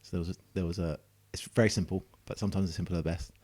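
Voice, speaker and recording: A man co-hosting a science podcast, chatting playfully and sometimes hesitantly, quick to laugh. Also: low-pitched, fairly even intonation, mellow. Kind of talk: casual chat.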